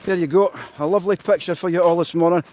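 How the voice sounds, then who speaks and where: A man's voice: sits high, steady tone, fast, a little mellow. A Scottish man chatting casually on a phone live-stream while he drives and then walks out in the snow, greeting his viewers again and again. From Scotland. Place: in a car, then outdoors in snow. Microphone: mobile phone. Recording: phone mic with road and car noise.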